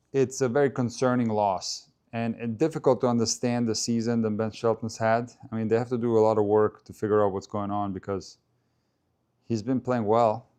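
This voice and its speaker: On a live stream, a man chats casually about a tennis match, answering viewer comments as they come in and trying out how to pronounce names. His voice is smooth and on the low side, with a darkish tone.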